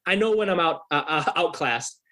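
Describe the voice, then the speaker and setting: A man in his thirties, a musician guest on a podcast, telling a story in a casual, swearing, animated way. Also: on the high side, normal speed. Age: 30s. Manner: swears freely, animated retelling.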